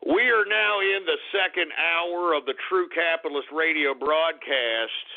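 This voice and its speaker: A man hosting a radio talk show, ranting in an irate, profane way and swinging between shouts and mutters. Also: a little high, measured pace, vocal fry. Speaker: radio host. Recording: tinny phone-like radio audio.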